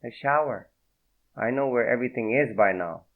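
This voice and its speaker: A brash, self-loathing young gangster, voiced by a male narrator who talks in short, clipped lines, sometimes with a put-on cowboy drawl. His voice sits a little above the narrator's low one. The sound is thin and tinny, like a phone line. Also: normal speed, close to an everyday voice. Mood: coaxing.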